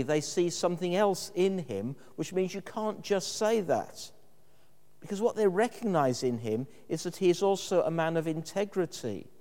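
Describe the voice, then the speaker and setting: A man gives a sermon in a warm, mellow voice, talking in a thoughtful, conversational way with the odd "um". His words ring out with a long reverb from the church around him. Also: mid-range voice. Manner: thoughtful, conversational preaching with fillers. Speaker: preacher.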